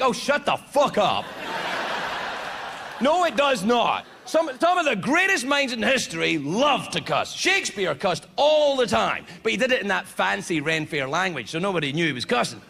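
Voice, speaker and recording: A man doing a stand-up comedy set, loud, animated and heavily profane in his delivery. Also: sits high, creaky. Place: comedy venue before an audience. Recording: live club with crowd and noise.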